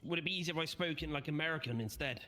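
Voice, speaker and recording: Brief: British male, dry and stubborn, bright tone, reverberant audio. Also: fairly high pitch, racing. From Britain. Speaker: roleplay player. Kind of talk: casual in-character roleplay banter.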